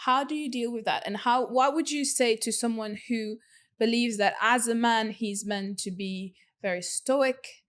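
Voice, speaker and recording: A woman with a fairly high voice hosts a casual podcast conversation. She speaks in an open, personal and thoughtful way. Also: unhurried. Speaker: podcast host.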